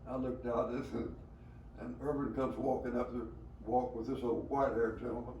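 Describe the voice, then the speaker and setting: An elderly man in his nineties with a Southern American drawl recounts his working life, pausing on "uh"s and chuckling as he goes. He sits back from the microphone in a roomy space with faint noise behind him. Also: mid-range voice, flat delivery, darkish tone, distant mic. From rural Alabama. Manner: rambling storyteller, many hesitations and chuckles. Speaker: veteran being interviewed. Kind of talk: storytelling interview.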